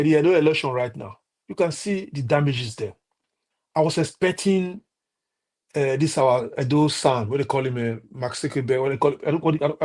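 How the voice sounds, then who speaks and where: A man with a Nigerian accent and a slightly high, darkish voice rants passionately about politics on a live stream. He repeats himself a lot, restarts often, and uses plenty of fillers.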